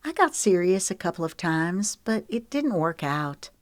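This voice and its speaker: A woman's voice: fairly low pitch, very animated, measured pace, dry recording, voice pushed up. Woman narrator doing a guarded young female singer, rueful and teasing, dry booth. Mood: bantering.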